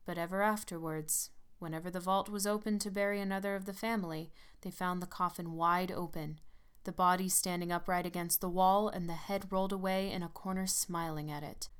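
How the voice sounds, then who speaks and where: A sad young man with a brooding, somber way of speaking, low and thoughtful, as a woman reads his lines. The voice stays smooth and clear throughout. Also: steady tone, brisk, hardly any pauses, natural voice.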